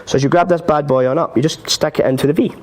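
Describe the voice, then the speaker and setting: A man's voice: on the high side, fairly even intonation, quick pace. A man teaching card and coin magic on a live stream, chatty and self-mocking, laughing often. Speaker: magic instructor.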